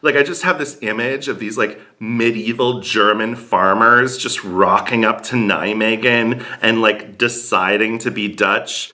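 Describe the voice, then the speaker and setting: A man's voice: on the low side, steady tone, unhurried, few pauses, bright, forceful tone. A young man doing a comic monologue in a sarcastic, mocking way. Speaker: comedian.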